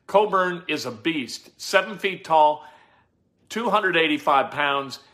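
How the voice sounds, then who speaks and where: A man's voice: fairly high pitch, animated, slow, pushed and bright. A man hosting sports talk, giving opinionated, rambling commentary full of rhetorical questions and restarts. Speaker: sports radio host. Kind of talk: casual sports commentary monologue.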